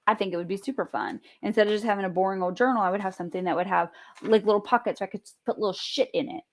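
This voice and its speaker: Chatty, profane woman vlogger. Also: mid-range voice. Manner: animated, profane, chatty storytelling. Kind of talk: casual storytelling vlog.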